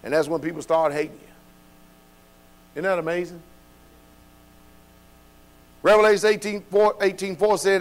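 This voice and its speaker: A man teaching a Bible study in an emphatic preaching cadence. His voice sits fairly high, and he keeps asking his listeners rhetorical questions. A low electrical hum runs under the recording. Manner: informal speech with dropped verbs.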